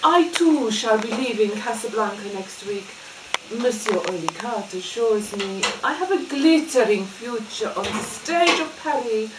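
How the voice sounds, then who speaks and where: An eager young nightclub singer, played by a woman, sweet and gushing with a lively, slightly high voice. She sounds set back from the mic in an echoey room full of noise. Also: measured pace. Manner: sweet, gushing, a little giggly. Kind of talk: amateur murder-mystery party role-play. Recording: echoey noisy room from a distance.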